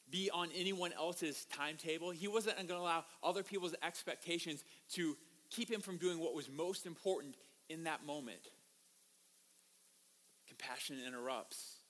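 A man pastor delivering a sermon in a high, bright, forceful voice. He tells stories with animation and keeps turning to the congregation with rhetorical questions. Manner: animated storytelling, asks the audience rhetorical questions.

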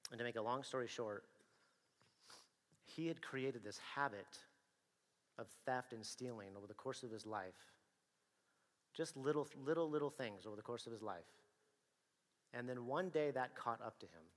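A man telling a personal story to an audience in a dramatic, animated way, acting out the dialogue and the action. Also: medium pitch, normal speed, long pauses, in a large hall.

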